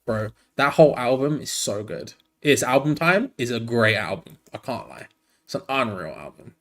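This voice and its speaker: Male host, tired, live fan commentary over a match, loose and rambling, medium-pitched voice. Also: expressive, normal speed, a bit bright. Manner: rambling and frank, cutting between play-by-play and asides. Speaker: host of a fan channel watch-along.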